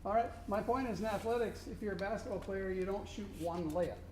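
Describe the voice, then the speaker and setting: Band judge guy coaching kids, high voice, sings the rhythms, roomy hall w/ faint hiss. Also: a little fast. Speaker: band contest judge giving a clinic. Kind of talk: instructional clinic to a student band. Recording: echoey room with faint noise.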